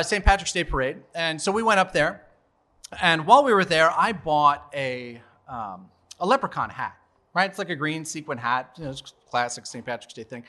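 Man, 40s, live storyteller on a stage mic; high, bright, chatty, laughs as he goes. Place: live storytelling show at a bar venue.

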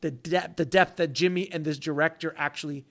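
A man in his thirties, a book author, telling animated stories as a guest and acting out quotes in other voices. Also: a little high, brisk. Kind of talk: casual storytelling.

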